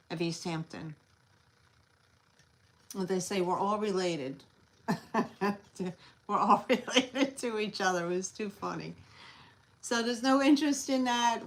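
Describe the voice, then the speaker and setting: A middle-aged woman with a Long Island New York accent, chatting as she hosts a live sale stream, rambling and answering viewers. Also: fairly low pitch. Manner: chatty, reads out viewer comments, rambling asides. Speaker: host selling collectibles on a live stream. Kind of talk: live sales stream chat.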